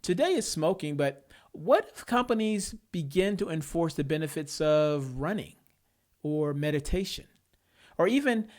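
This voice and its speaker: A man's voice: a little high, expressive, moderate pace, a little mellow. A man hosting a solo podcast, giving his opinions in a conversational way and chuckling between points. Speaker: podcast host.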